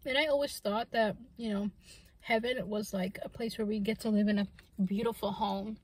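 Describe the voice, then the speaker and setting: Eating as she talks, a woman mukbang vlogger rambles softly through her wondering thoughts, mouth full and packed with fillers. Her mid-range voice is husky, fairly even in intonation and moderate in pace, and the recording is low quality.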